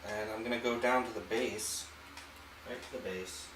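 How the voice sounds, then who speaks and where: Relaxed man talking through a painting. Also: lowish voice, normal speed, echoey room, background noise. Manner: relaxed, thinks aloud while painting. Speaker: art channel host. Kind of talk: painting demonstration. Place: home art studio.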